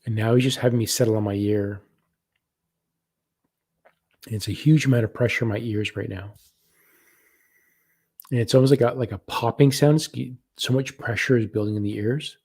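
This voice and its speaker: A man hosting a live spiritual practice session, reading viewer comments and describing what he senses in a slow, soft-spoken way. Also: mid-range voice, steady tone, husky. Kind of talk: live guided meditation session.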